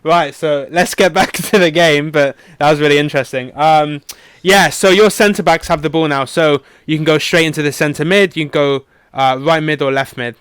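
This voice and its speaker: Smooth-voiced teasing podcast host. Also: male voice, fairly high pitch, fairly even intonation, normal speed, hardly any pauses, fairly bright tone, no room sound. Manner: joking and teasing. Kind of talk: casual podcast quiz and banter.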